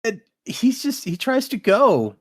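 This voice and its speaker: A man's voice: very high voice, sing-song, measured pace. A man co-hosting a casual book chat, rambling through a recap of the chapters and acting out quotes. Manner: rambling storyteller, acts out quotes. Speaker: podcast co-host.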